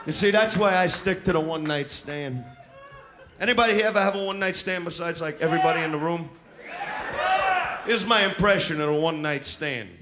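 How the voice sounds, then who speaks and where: A man's voice: fairly high pitch, fairly quick, background noise. A male stand-up comedian with a brash, crude, swaggering delivery on a comedy club stage. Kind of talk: live stand-up set. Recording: live club recording with crowd laughter.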